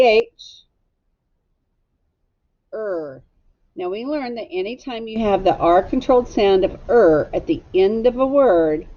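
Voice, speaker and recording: In dull audio, a woman with a medium-pitched voice teaches children phonics. She spells out each word letter by letter, patient and gently encouraging.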